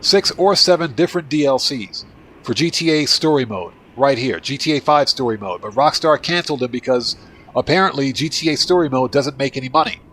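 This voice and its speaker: A man with a congested, fading voice hosts a gameplay livestream in a relaxed, casual way. His pitch sits in an ordinary middle range as he talks to his chat and thanks viewers by name. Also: fairly quick. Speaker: livestream host, gamer.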